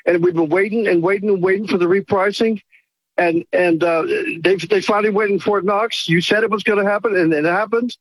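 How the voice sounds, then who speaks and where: A man's voice: high voice, steady tone, a little fast, no room sound, low-quality recording. A man calling in to a radio show, emotional and gushing, rambling with many restarts. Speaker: caller. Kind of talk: phone-in call.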